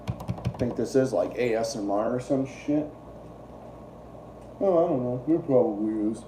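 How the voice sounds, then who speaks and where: A man's voice: mid-range voice, measured pace, long pauses, warm tone, roomy sound, recorded from a distance, a little hiss or hum. A young man hosting a livestream, ranting in a profane, repetitive and exasperated way. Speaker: political livestream host. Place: room at home, eating while streaming.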